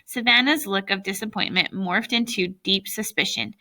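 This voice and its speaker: A woman reading a children's novel aloud who pauses to react with amused comments. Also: medium pitch, pushed and bright. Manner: breaks off to laugh and react. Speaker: reader.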